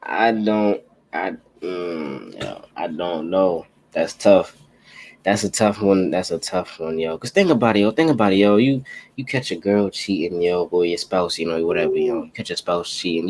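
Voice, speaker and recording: Man, podcast co-host, low-pitched, swings up and down, loose banter. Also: lively intonation, moderate pace, a little mellow. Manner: loose, profane, storytelling with repeated "yo".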